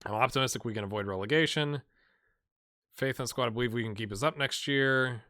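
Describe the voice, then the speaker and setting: A man's voice: medium pitch, fast, sharp tone. A man hosting a gaming channel, giving casual gameplay commentary, chatty and muttering asides to himself.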